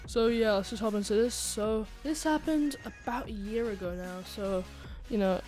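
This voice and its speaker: A woman's voice: a little high, moderate pace, darkish tone, soft background music. Rambling, giggly woman telling a story. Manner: rambling, full of "like" fillers and restarts, giggly asides. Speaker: channel host telling a story. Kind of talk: casual storytime chat. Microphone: desk microphone.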